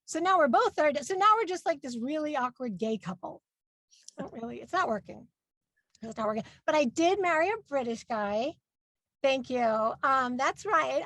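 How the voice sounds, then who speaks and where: A woman in her forties doing a stand-up comedy set, with a brash, punchy delivery and loud put-on voices for her parents. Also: sits high, no room sound. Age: 40s.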